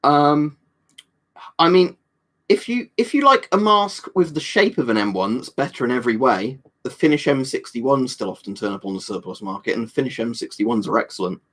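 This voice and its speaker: A livestream host chats loosely with his viewers, rambling from point to point, swearing freely, and tossing in jokey asides while answering comments. His voice is medium-pitched and fairly bright, and he talks fairly quickly.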